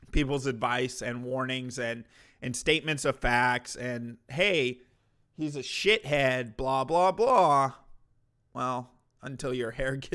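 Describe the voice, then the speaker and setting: Male host, casual reaction commentary, wry, mocking, bright tone. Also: mid-range voice.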